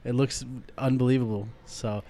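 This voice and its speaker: A man's voice: mid-range voice, fairly even intonation, normal speed, mellow. A man hosting a podcast, casually chatting and telling stories in a mumbly, rambling way. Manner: mumbly, rambling storyteller with restarts. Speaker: podcast host. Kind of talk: casual chat.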